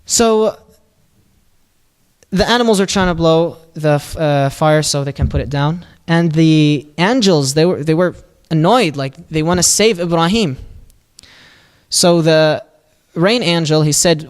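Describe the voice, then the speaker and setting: Animated man retelling a religious story. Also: on the high side, measured pace, smooth. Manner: lively, animated retelling with quoted voices and Arabic phrases; casual, with fillers and restarts. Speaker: storyteller at a mosque.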